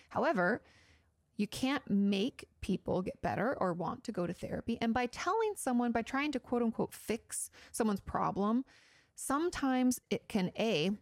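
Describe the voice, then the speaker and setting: Woman therapist, casual advice talk, gravelly fry, dry close sound. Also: a little high, lively intonation, normal speed, dry recording. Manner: chatty and explanatory, many fillers like "you know". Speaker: therapist answering viewer questions.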